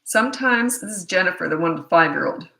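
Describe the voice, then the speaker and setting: A woman's voice: lowish voice, lively intonation, fairly quick, creaky, fairly bright tone, echoey room. A middle-aged woman, a parenting coach, answering viewer questions in a chatty, blunt way with self-deprecating asides. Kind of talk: casual live Q&A.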